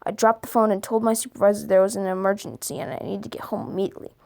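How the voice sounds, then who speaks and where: A woman reading scary stories aloud for a video, halting now and then to stumble over and correct her words. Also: medium pitch, flat delivery, creaky, mellow. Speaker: video creator.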